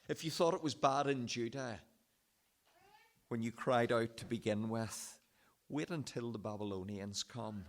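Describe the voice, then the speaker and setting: A man's voice: medium pitch, unhurried. A man preaching a sermon in a church, passionately voicing the prophet's complaint to God.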